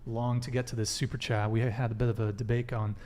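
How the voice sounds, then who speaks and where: A man's voice: mid-range voice, level tone, fast talker, darkish tone, a little hiss or hum. A young man from Southern California hosting a casual live-stream chat, laid-back and slangy, reading out donation messages. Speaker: host.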